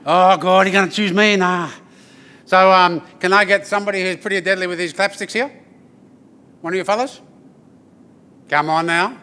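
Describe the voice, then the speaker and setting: Man, performer, brightish higher voice, playful crowd banter. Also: clear, resonant tone. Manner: lively, joking, addresses the crowd with "yeah?" tags. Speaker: didgeridoo performer. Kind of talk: storytelling performance to an audience. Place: event venue with an audience.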